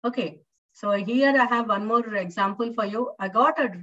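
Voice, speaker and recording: A woman's voice: fairly high pitch, moderate pace, pushed and bright. A woman lecturer with an Indian English accent explains patiently, repeating points and asking students questions. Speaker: university lecturer. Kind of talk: classroom lecture. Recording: distant, dull lo-fi classroom recording.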